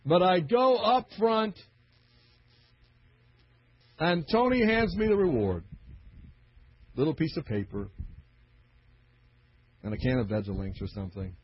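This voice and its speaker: A man's voice: fairly high pitch, measured pace, pauses often, slightly rough. Middle aged guy preaching with stories, voice jumps all over, dry dull lo-fi sound. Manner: animated storyteller who acts out the voices in his stories. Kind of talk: storytelling sermon. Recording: dull lo-fi recording.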